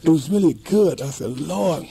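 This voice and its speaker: Man in his fifties, husky and warm, talks emphatically and repeats himself. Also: medium pitch, moderate pace. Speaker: interview guest. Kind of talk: casual interview chat.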